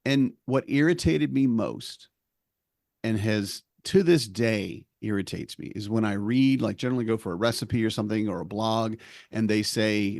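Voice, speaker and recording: Man, 40s, podcast host, animated storyteller, dry close sound. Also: on the low side, normal speed, creaky, dry recording. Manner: animated, acts out quoted voices. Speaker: podcast host, stay-at-home dad. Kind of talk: casual podcast chat.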